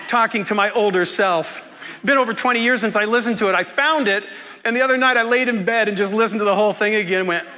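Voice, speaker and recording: A man telling a personal story in a sermon, animated and often laughing as he acts out the people in it. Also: high-pitched, normal speed, long reverb tail. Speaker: preacher.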